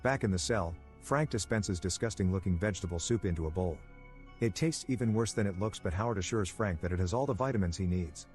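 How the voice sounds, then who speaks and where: A man's voice: low-pitched, a little fast, a little mellow, soft background music. A man narrating a scripted movie recap, with dry, wry asides.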